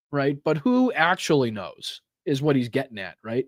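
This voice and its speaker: Brief: male political streamer, profane, emphatic, mid pitch, dry close mic. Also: wildly swooping pitch, normal speed, hardly any pauses, no room sound. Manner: heavy swearing, emphatic, repeats 'right?'. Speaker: political live-stream commentator. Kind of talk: live-stream rant.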